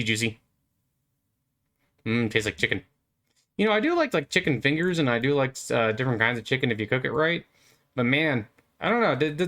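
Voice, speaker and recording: A gamer with a medium-pitched, slightly bright voice rambles through commentary as he plays. His talk is playful and meandering, full of stammers and fillers.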